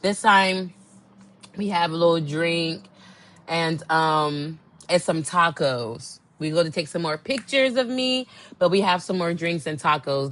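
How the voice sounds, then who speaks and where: A woman hosting a podcast, telling a dating story in a sassy, animated way and acting out what people said. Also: lowish voice, measured pace. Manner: animated, sassy, acts out quotes. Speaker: podcast host. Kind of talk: casual storytelling monologue.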